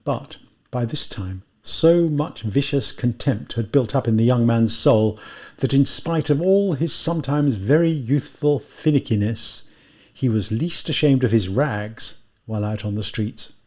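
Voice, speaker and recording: A man reading a classic novel aloud as an audiobook, in measured, deliberate narration. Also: mid-range voice, darkish tone. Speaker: audiobook reader. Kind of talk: scripted narration.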